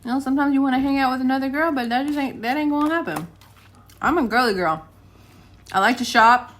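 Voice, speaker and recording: A woman's voice: medium pitch, a bit bright, slight background noise. A young woman, rambling casually to her vlog audience from home and laughing often. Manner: chatty, laughs often, talks to her dogs mid-sentence. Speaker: vlogger. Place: home, indoors.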